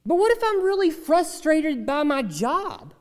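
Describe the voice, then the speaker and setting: A man's voice: extremely high pitch, very animated, measured pace, long reverb tail, voice pushed up, full character voice. A man voicing a grumbling churchgoer who pleads and protests in an exasperated way. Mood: complaining. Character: whiny complaining churchgoer, adult man.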